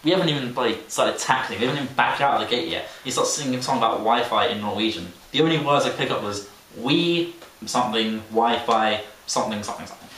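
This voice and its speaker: A man's voice: medium pitch, quick pace, few pauses, fairly bright tone. Young male podcast co-host, casual storyteller, roomy distant sound with faint hiss. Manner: rambling storyteller, laughs mid-sentence, mimics voices. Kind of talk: casual chat.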